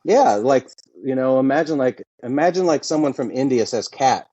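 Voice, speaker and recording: A man in a deadpan improvised comedy chat, earnestly asking questions and explaining things in a mock-serious way. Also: medium pitch, moderate pace, husky, no room sound. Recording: dull, dry, lo-fi sound.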